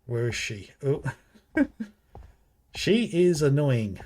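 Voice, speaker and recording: A man's voice: medium pitch, very animated, a little mellow. A man with a British accent streaming a horror game, thinking aloud and reading out items as he plays. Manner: slow, thinking aloud, muttering item names. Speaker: gaming streamer. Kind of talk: live game commentary.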